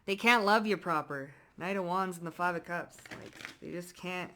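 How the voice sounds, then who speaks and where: A woman giving a casual tarot reading to her viewers, blunt and profane, swinging between loud emphatic bursts and low muttered asides. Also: moderate pace. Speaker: psychic tarot reader.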